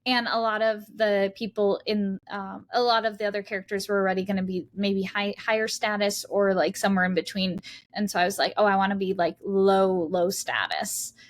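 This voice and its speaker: A woman's voice: mid-range voice, steady tone, brisk. A woman guest in a casual interview, talking in a loose, rambling way with many fillers and easy laughter. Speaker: guest actor.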